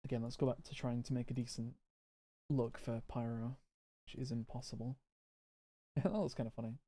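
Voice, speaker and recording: Warm and mid-range, with little pitch movement, this man talks briskly in a recording with no room sound. The gaming creator rambles through casual live gameplay chat, answers what viewers write, and restarts himself often.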